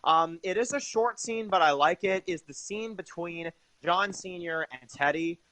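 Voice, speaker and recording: A man's voice: high voice, measured pace, sharp tone, dry recording. A young man giving an enthusiastic, rambling casual review of a TV episode, full of fillers.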